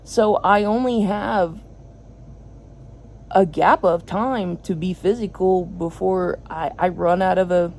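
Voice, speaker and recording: A woman's voice: lowish voice, fairly even intonation, slow, vocal fry, a little mellow, slight background noise, rough recording. A woman vlogging from home into her phone, giving a rambling, frank update to her viewers with lots of fillers and dry sarcasm. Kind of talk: casual venting update to viewers. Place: at home, indoors.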